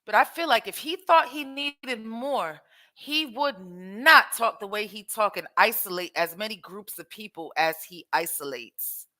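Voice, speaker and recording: Animated woman host with a bright voice. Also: medium pitch, a little slow. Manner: animated, exclaiming and asking rhetorical questions. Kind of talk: casual commentary reacting to clips.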